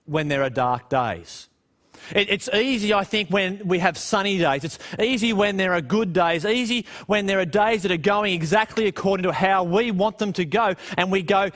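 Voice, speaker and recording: A man preaches a sermon in church at a normal speed, keeping it conversational. He poses rhetorical questions and drops low and quiet on the darker points.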